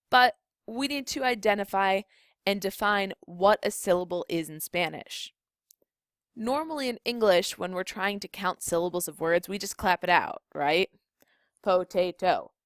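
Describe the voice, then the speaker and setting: Woman teacher explaining slowly and clearly. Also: mid-range voice, a bit bright, no room sound, clean studio sound. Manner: clear, deliberate explaining, slowing down on key rules. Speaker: Spanish teacher. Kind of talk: recorded classroom video lesson.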